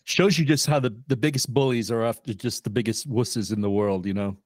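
A man's voice: mid-range voice, fairly quick, dry recording. Easygoing man co-hosting. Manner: laid-back, agreeable, adds short comments. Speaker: podcast co-host. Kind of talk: casual movie chat.

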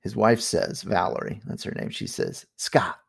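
A middle-aged man casually telling a spooky family story on a podcast, animated and full of fillers. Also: fairly low pitch, moderate pace, gravelly, slightly rough. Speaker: guest storyteller.

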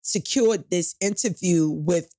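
Speaking slowly in a lowish, mellow voice, a middle-aged New Yorker tells an interviewer a painful story from her life, candid and profane, acting out the voices of those in it. The recording is studio-clean with no room sound.

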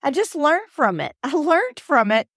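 A woman hosting a podcast, giving an earnest, animated motivational talk full of repeated phrases. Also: high voice, unhurried, no room sound, studio quality. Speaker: podcast host and coach.

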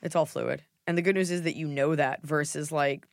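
A woman's voice: deep voice, steady tone, fairly quick, no room sound, clean studio sound. A woman in her thirties hosting a casual advice podcast, blunt and joking, with lots of "like" in her speech. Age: 30s. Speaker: podcast host giving advice.

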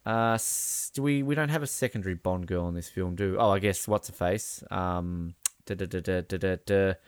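A man's voice: sits low, normal speed, clear, resonant tone, dry recording, studio quality. A man co-hosting a podcast in casual chat, rambling with fillers and laughs. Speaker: podcast co-host.

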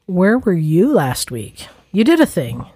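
A woman's voice: fairly low pitch, huge pitch swings, a little slow, warm tone, husky, no echo, studio quality. Chatty woman on a podcast. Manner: chatty, filler-heavy, upbeat. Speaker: podcast co-host. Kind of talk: casual chat.

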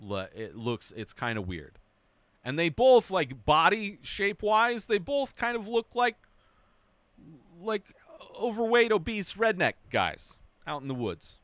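A young man reviews a film in loose, casual talk, his pitch swooping up and down with lively energy. His tone is bright and forward, and the sound is dry and close, with no room around it. He sometimes slips into a high whiny mock voice. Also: a little slow, no room sound. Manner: animated, mocking impressions with high whiny voice. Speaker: movie review host. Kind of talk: casual spoken movie review.

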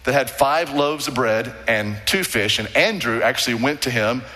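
Earnest preacher man with bright, ringing tone. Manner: earnest, emphatic, drops low and slow on key words. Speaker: pastor. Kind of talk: sermon. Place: large church sanctuary. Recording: long hall reverb.

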